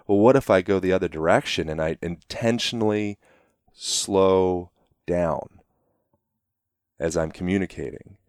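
Low-voiced man explaining, dry sound. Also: clear, resonant tone, no echo. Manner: animated, acts out quick voiced examples; frequent fillers like "you know". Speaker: guest. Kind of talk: relaxed conversational explanation.

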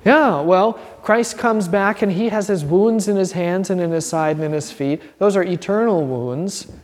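Speaking at a normal speed, an earnest, animated man with a slightly high voice runs an informal Bible study. Long hall reverb surrounds him as he performs little quotes and restarts his lines.

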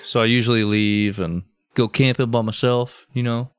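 A man co-hosting a comedy podcast, trading deadpan jokes and banter. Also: medium pitch, normal speed, smooth, no room sound. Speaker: podcast co-host.

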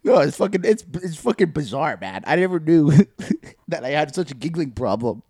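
A man's voice: a little high, big pitch swings, moderate pace, dark tone, breathy edge, no echo, clean studio sound. A young man co-hosting a podcast in casual chat, telling crude stories with lots of giggling and acted-out quotes. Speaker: podcast co-host.

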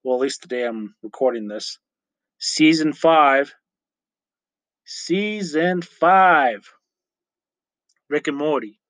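A man hosting his own podcast in a casual, rambling solo chat, correcting himself often and filling pauses with ums and uhs. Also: medium pitch, fairly bright tone, no echo. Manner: rambling, chatty, self-correcting with frequent fillers. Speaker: podcast host.

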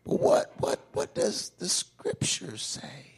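A male pastor preaching in a church, swinging from shouts to hushed asides and calling for responses. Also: a little high, wildly swooping pitch, slow, vocal fry, breathy edge. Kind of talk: call-and-response sermon.

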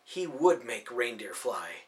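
A man reading a fantasy story aloud as scripted narration, with expressive storytelling. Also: mid-range voice, slow pace. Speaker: audiobook narrator.

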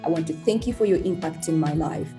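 Heartfelt young woman, mellow voice. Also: low voice, fast, faint music behind. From Uganda. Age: young adult. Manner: earnest, heartfelt, openly emotional. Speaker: tech entrepreneur guest. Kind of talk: podcast interview.

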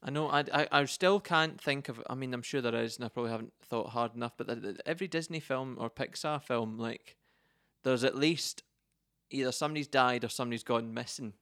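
A man co-hosting a podcast in easy, giggly conversation. He often stumbles and restarts mid-sentence. The recording is dry and close, with no room sound around his mid-pitched voice. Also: fairly quick, a bit bright, no echo. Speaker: podcast co-host. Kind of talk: casual chat.

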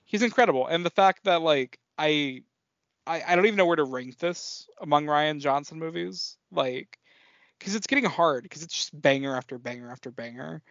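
A man co-hosting a casual film podcast, excitable, swearing often and trailing off mid-sentence. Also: a little high, moderate pace, no echo. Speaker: podcast co-host. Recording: dull lo-fi podcast audio.

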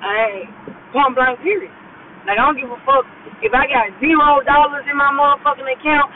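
A woman's voice: high-pitched, steady tone, brisk, slight background noise. A woman gives a casual, blunt and profane pep talk while driving. She keeps repeating "you know what I'm saying" as she talks. The sound is thin and tinny, like a phone voice message. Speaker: podcast host. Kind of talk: casual motivational monologue.

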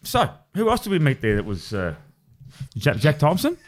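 A man's voice: on the high side, wildly swooping pitch, moderate pace. A man co-hosting a comedy podcast, teasing and swearing with exaggerated mimicry. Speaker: podcast co-host. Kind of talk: casual comedy chat.

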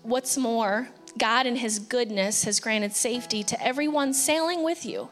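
A woman pastor preaching a sermon with passion, sometimes acting out anxious pleas and dropping to a hushed voice. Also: on the high side, measured pace, big-room sound, faint music behind.

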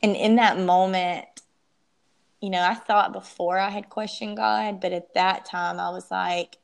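A young woman telling her personal story as an interview guest, emotional and halting, often restarting her sentences. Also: mid-range voice, fairly even intonation, gravelly.

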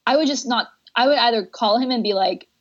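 A young woman co-hosting a casual film recap, telling the plot in a giggly, animated way. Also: a little high, a little fast. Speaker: podcast co-host. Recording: dull, lo-fi sound.

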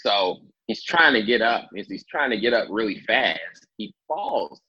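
A man telling a long story in a casual interview, animated and swearing freely as he acts out what people said. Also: on the low side, unhurried, breathy edge, dry recording. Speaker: interview guest. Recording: dull lo-fi sound.

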